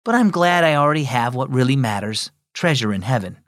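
A man voicing an eager, excited young boy in a children's story. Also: mid-range voice, fairly quick, no room sound, clean studio sound, lightly acted. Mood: thoughtful. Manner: excited, wondering.

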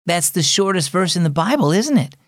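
A man's voice: high-pitched, very animated, a little fast, no room sound, studio quality, pitched above the performer's own voice. A man voicing a sad young boy. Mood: plaintive. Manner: plaintive, pleading. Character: upset boy losing his best friend.

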